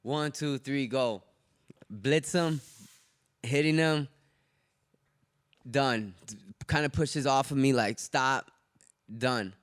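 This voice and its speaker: A fighter tells stories in a casual, heavily profane podcast chat, loudly and animatedly acting out what people said. His medium-pitched voice moves slowly and smoothly, with long pauses, in a dry, clean studio recording.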